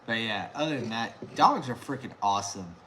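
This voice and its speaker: A man chatting casually on a live stream at home, excitable and rambling, laughing often. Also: fairly low pitch, moderate pace, a little hiss or hum. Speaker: beer review vlogger.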